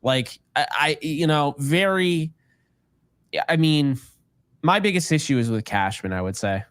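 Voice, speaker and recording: A man's voice: fairly high pitch, expressive, unhurried, fairly bright tone, clean tone, no room sound. Joking, rambling male podcast co-host. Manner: joking, rambling, laughs often. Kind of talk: casual chat.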